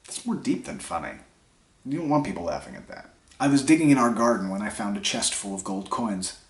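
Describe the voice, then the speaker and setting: A man reading jokes aloud in a deadpan way, trailing off quietly after each punchline, while sick with a dry cough. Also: lowish voice, quick pace. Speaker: comedy vlogger. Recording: echoey room.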